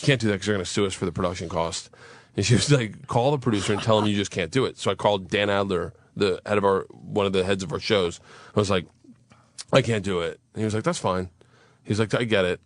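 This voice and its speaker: Man, thirties, radio talk show storyteller, animated, profane, dry studio mic. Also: fairly low pitch, dry recording. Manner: animated, swearing, acts out voices in his stories. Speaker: guest storyteller.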